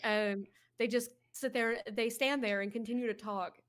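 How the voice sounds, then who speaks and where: American woman rambling on a game stream, kinda high voice, lots of "like". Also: fairly even intonation, normal speed, background noise. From United States. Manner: chatty, rambling with many "like"s and restarts. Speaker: co-streamer guest. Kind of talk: casual chat on a game stream.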